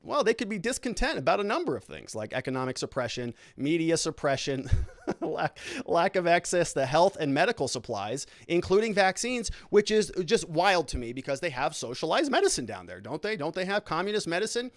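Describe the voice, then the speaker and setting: Man, host, political commentary, sarcastic, animated, fairly high voice, dry close mic. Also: fairly quick, dry recording. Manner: sarcastic, animated, with mocking asides and laughs.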